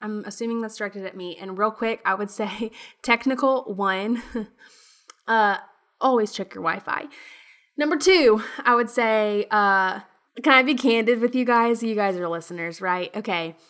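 Young woman podcast host, bright tense voice, upbeat chatty, lots of little quips. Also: medium pitch. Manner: upbeat, quick interjections and laughs. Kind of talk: casual podcast chat.

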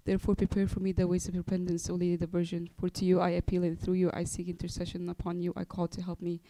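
Reader reciting penitential prayers, fast and monotone, dark mellow tone. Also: medium pitch, no room sound, rough recording. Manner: quick, monotone reading with small stumbles.

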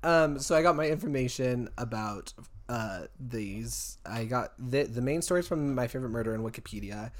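Casual true-crime podcast co-host, animated pitch, giggly and self-mocking. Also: normal speed. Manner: laughs often, self-deprecating, tosses in crude jokes. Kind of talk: casual storytelling chat.

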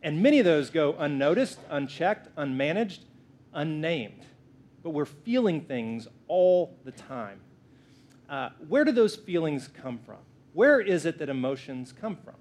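A man's voice: on the high side, unhurried. Playful male pastor preaching. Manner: playful, lively, jokes with the congregation. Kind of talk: sermon. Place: church.

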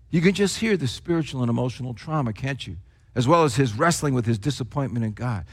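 A man in his sixties from New Jersey preaching a sermon, emphatic, dropping to hushed endings and rising on stressed words. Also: mid-range voice, lively intonation, fairly quick. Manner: emphatic, swings between hushed drops and raised stresses. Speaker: pastor.

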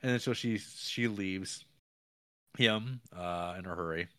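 A man's voice: low-pitched, takes it slowly, a bit bright, clear, resonant tone, no echo, clean studio sound. A man co-hosting a podcast, recapping a film in a rambling casual way with frequent chuckles. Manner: rambling, chuckles often, many fillers. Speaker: podcast co-host.

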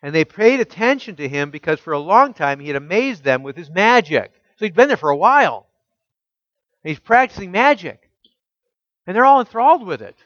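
High-voiced man preaching a teaching sermon. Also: big pitch swings, fairly bright tone, dry recording, muffled recording. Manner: asks the congregation rhetorical questions; reads scripture aloud slowly with emphasis. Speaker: pastor.

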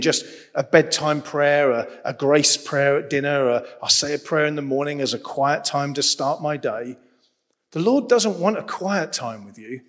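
A man preaching a sermon in a lively, humorous, conversational way. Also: fairly high pitch, slightly rough. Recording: long reverb of a large hall.

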